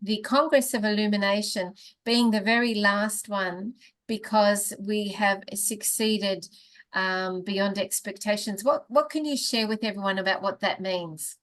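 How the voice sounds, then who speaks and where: A woman hosting a spiritual interview, talking in an enthusiastic, warm way and laughing often. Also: mid-range voice, unhurried. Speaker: interview host. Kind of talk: casual spiritual interview chat.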